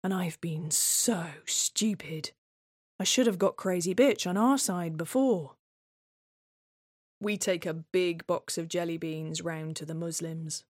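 Wary woman in slow monologue. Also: lowish voice, dry recording, clean studio sound. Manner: tense, wary, obsessive retelling. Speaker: playwright and solo performer. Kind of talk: scripted dramatic monologue.

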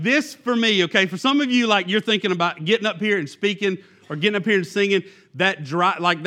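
A man's voice: high-pitched, sharp tone. A man who is a youth pastor, giving a sermon in a conversational, self-deprecating way, with many fillers and restarts.

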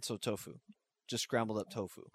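A man's voice: lowish voice, steady tone, a little fast, husky, no room sound. A man co-hosting a casual chat, tossing in jokes and short questions. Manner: joking interjections and short questions. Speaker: podcast co-host.

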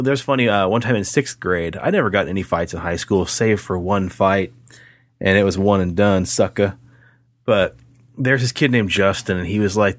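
A man with a lowish voice trades stories in a loose, profane way on a podcast. He jumps into other people's voices when he quotes them. The sound is close and dry, with no room around it. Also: no echo. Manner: profane, animated storyteller acting out quoted voices. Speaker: podcast co-host. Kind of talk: casual chat.

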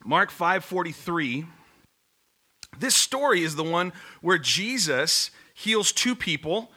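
A man's voice: high-pitched, very animated, slow, sharp tone. A man giving a sermon as a pastor, telling the story casually and acting out the voices in quotes.

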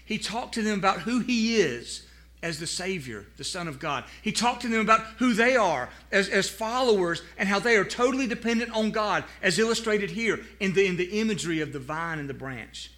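A male pastor with a high, bright, forceful voice delivers a sermon to his congregation. He is earnest and stumbles into repeated words. He slows down when quoting scripture and invites the listeners to answer back. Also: animated. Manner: asks the congregation to respond aloud.

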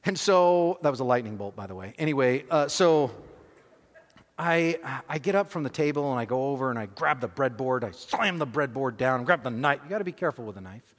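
A man preaching, telling a personal story with animated, self-deprecating humor and acting out scenes. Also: medium pitch, a little fast, long reverb tail. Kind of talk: sermon storytelling.

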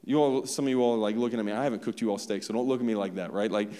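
Young preacher in a reverberant hall. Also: male voice, on the low side, steady tone, very fast, dark tone, smooth. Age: young adult. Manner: conversational preaching with frequent "right?" and "like". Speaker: pastor. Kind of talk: sermon. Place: church sanctuary. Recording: long reverb of a large hall.

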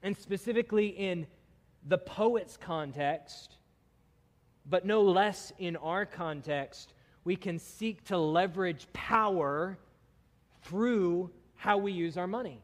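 Guy giving a sermon, bit high pitched, really punches his lists, big reverby church. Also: slow. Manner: emphatic, building in intensity through lists. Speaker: preacher. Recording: long hall reverb.

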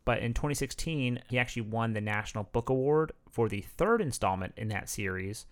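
A podcast co-host talks in a medium-pitched male voice at a brisk pace. He keeps things casual and chatty, reading facts aloud and laughing through little asides.

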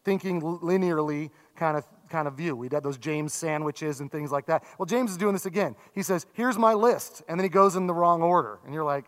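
A man in his thirties or forties, a pastor giving a sermon in a conversational, self-deprecating way with animated asides. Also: on the high side, brisk, hardly any pauses. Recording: long reverb from a large hall.

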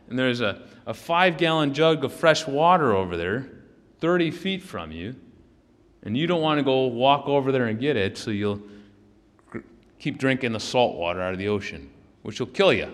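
A man preaching a sermon in a relaxed, conversational manner, checking in with his listeners as he goes. His pitch sits in the middle range for a man. The sound rings with the long reverb of a large sanctuary. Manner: conversational, often checks in with "right?"; loose, with frequent restarts and fillers. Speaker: pastor.

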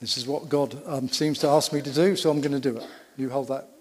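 A fairly quick, slightly mellow mid-range voice with fairly even intonation carries this man's church sermon, where he tells stories emphatically and asks rhetorical questions of the congregation. The recording has a long church-hall reverb and a bit of hiss or hum.

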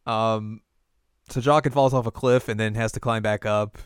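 Young male co-host, smooth resonant voice, dry close sound, retells scenes and snaps into quick character quotes. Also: on the low side, fairly even intonation, no room sound. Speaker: podcast co-host. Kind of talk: casual recap chat.

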